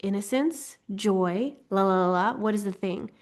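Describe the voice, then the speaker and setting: Chatty female teacher, animated delivery, mid-pitched voice. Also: unhurried. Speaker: astrology and human design teacher. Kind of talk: casual teaching talk.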